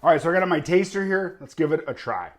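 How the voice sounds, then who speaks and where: A man's voice: on the high side, lively intonation, fast talker. Enthusiastic man hosting a cooking video. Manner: enthusiastic, talks while tasting and cooking. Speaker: cooking show host. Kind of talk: casual cooking demonstration.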